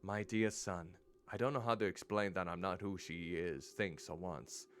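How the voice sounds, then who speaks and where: A man's voice: low-pitched, fairly even intonation, moderate pace, a bit bright, faint music behind. A male streamer reading game text aloud and commenting, stumbling over pronunciations.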